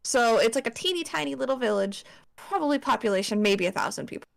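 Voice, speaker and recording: A woman's voice: on the high side, expressive, fast talker, vocal fry. A young woman presenting a slideshow to friends in casual chat, swearing often and filling with likes and ums. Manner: chatty, swears, lots of fillers.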